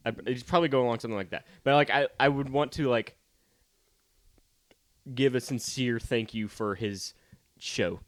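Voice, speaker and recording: A man's voice: mid-range voice, moderate pace, pauses often, no echo. A man co-hosting a casual podcast, telling stories in a rambling way with lots of "like" and laughter. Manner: rambling storyteller, many likes and laughs. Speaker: podcast co-host. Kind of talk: casual chat.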